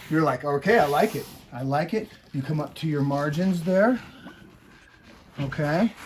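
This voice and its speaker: A man's voice: a little high, a little hiss or hum. Casual man demonstrating in a workshop. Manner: casual, talks the viewer through each step with repeated "okay?". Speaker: upholstery instructor.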